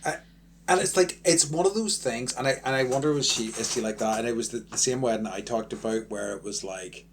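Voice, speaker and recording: A man's voice: mid-range voice, brisk, slight background noise. A man chatting on a podcast as co-host, rambling with lots of fillers and restarts. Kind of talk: casual chat.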